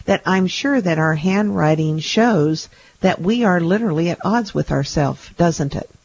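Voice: mid-range voice, lively intonation, a little slow, gravelly, slightly rough, lo-fi sound. A radio show host who talks chattily and ends points with leading tag questions. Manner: chatty, asks leading questions ending in tags. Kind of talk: radio interview.

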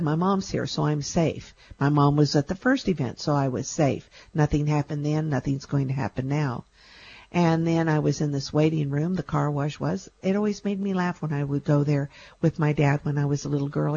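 A woman telling a personal story earnestly, with reflective pauses and wry humor. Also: low-pitched, gravelly, warm tone, highs cut off, slight background noise. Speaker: storyteller recounting a near-death experience.

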